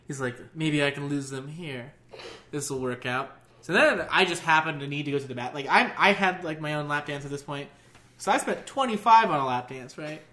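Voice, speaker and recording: Bright-voiced young man telling a story. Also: a little high, a little fast. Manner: profane, laughs often, animated. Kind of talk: casual storytelling.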